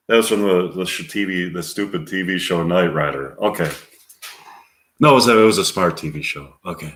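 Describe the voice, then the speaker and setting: A man's voice: deep voice, a little fast, a bit bright, echoey room. A man casually reading movie-quote cards aloud and chatting with chuckling asides.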